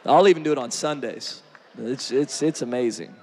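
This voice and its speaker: A man preaching an energetic sermon, joking with the crowd and swinging from shouts to near-quiet. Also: medium pitch, moderate pace, slight background noise. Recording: long hall reverb.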